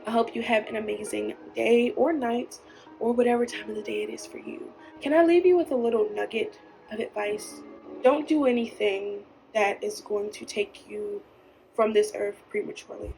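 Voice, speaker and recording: A woman's voice: on the high side, steady tone, normal speed, gravelly, a little mellow, soft background music. A woman hosting her own podcast, talking earnestly and emotionally, tearful at times. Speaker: podcast host. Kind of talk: heartfelt solo podcast talk.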